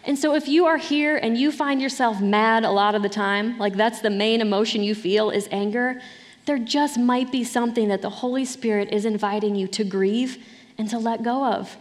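A woman's voice: on the high side, steady tone, moderate pace, long reverb tail. A middle-aged woman pastor preaching a sermon in an earnest, conversational way, with light laughs between points.

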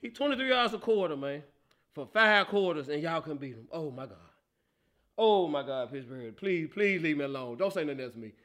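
Guy doing a football picks show, high bright voice, cracks up laughing all the time. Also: a little fast. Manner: laughs a lot, animated and teasing. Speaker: sports show host. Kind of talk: casual sports talk.

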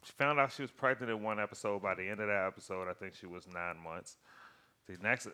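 Profane, animated man recapping a show. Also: fairly low pitch, a little fast, smooth. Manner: profane, animated storytelling with acted-out quotes. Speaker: podcast co-host.

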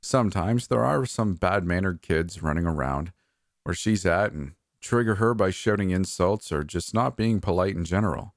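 Deep-voiced calm male storyteller. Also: normal speed, dry recording, clean studio sound. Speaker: narrator. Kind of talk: first-person horror story narration.

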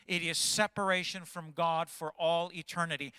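Impassioned bright-voiced pastor in his fifties. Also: fairly high pitch, little pitch movement, normal speed, few pauses, clear, resonant tone, dry recording. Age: 50s. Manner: impassioned, agitated preaching. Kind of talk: sermon.

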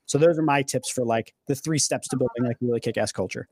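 Fast-talking man hosting a podcast. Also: medium pitch, darkish tone, husky, no room sound, clean studio sound. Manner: enthusiastic, filler-heavy, repeats words. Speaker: podcast host. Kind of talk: casual conversational podcast.

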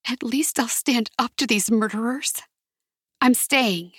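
A woman's voice: a little high, slow pace, fairly bright tone, breathy edge, no room sound, studio quality, voice pushed up, heavily acted. A woman reading a frightened, guilt-ridden young woman who speaks in a shaky, anxious way.

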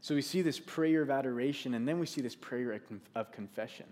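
A man's voice: medium pitch, brisk, darkish tone. A man preaching a sermon, speaking earnestly, repeating key phrases for emphasis and reading scripture aloud.

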